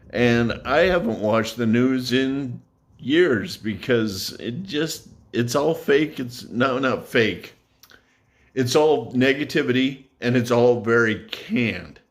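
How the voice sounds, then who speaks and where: A man talking to camera in an earnest, reflective way, pausing and correcting himself as he goes. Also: medium pitch. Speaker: YouTube vlogger. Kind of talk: casual talk to camera.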